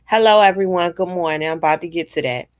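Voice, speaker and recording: A woman rants to her viewers in a blunt, emphatic way and swears freely. Her voice sits a little low, and the recording is dry and close with no room sound. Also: fast, no room sound. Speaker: commentary vlogger. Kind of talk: casual rant to viewers.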